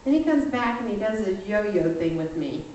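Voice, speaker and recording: A woman giving a lively, emphatic sermon testimony, telling a personal story in a church. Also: mid-range voice, normal speed, a little hiss or hum. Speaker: speaker. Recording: far-off echoey church hall, muffled.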